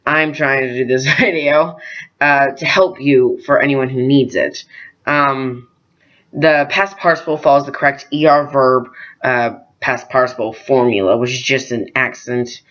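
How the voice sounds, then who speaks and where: A young man tutoring French verbs in a loose, chatty way, filling pauses with ums and uhs. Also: medium pitch, a bit bright. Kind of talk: casual screen-recorded lesson. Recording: dull lo-fi screen recording.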